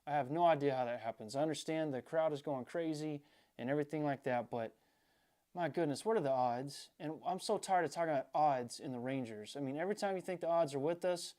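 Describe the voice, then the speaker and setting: A man's voice: on the high side, fairly quick, mellow. A man ranting as a frustrated fan in a sports vlog.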